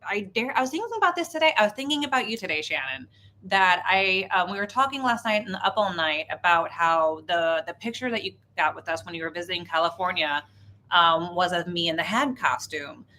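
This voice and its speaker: A woman's voice: on the low side, lively intonation, brisk. A woman co-hosting a casual livestream from a hotel room, chatty and affectionate, rambling a little as she talks to viewers. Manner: warm-hearted, chatty, rambling. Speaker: co-host of a livestream watch party.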